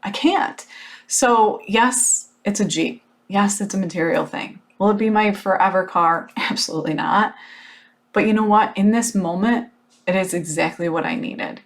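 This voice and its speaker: A woman in her thirties talks straight to her listeners in a loose, chatty podcast monologue. She tells her story with lively, animated energy, tosses in fillers and the odd blunt swear word, and keeps her voice at an everyday middle pitch. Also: normal speed. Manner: frank, with occasional swearing. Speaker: podcast host. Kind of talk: casual motivational monologue.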